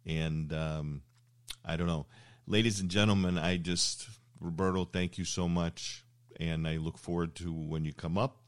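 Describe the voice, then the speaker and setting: Deep-voiced older man hosting, rambling. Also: steady tone, unhurried, clean tone. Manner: rambling, anecdotal storyteller with many fillers. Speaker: show host. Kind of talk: casual interview chat.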